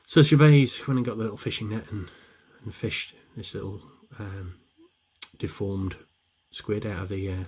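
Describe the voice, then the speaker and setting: A man's voice: on the low side, fairly even intonation, normal speed, darkish tone, slightly rough. A middle-aged man telling long shaggy-dog jokes in a rambling way, with many restarts. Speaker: joke teller.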